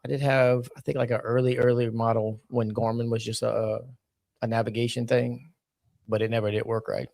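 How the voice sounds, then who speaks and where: A man's voice: mid-range voice, flat delivery, a little fast, gravelly, darkish tone, dry recording. A man co-hosting a casual talk show, joking and bantering playfully. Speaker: co-host. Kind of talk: casual chat.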